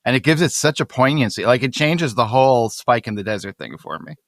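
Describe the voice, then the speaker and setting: A man's voice: mid-range voice, lively intonation, fairly quick, dry recording, clean studio sound. A man co-hosting a podcast in casual chat, reading comic strips aloud and laughing often. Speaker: podcast co-host.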